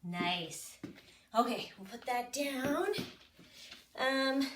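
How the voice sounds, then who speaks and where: A woman's voice: high voice, animated, extremely slow. A woman fitness instructor leading a home workout, chatty and self-mocking, cueing moves and counting down the seconds. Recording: echoey room, mic at a distance, noisy.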